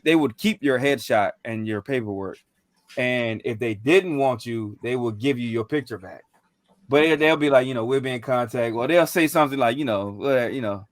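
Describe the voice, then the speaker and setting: A man's voice: mid-range voice, no echo. A young man in casual chat, telling a rambling, slangy story with lots of fillers and restarts. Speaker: podcast co-host.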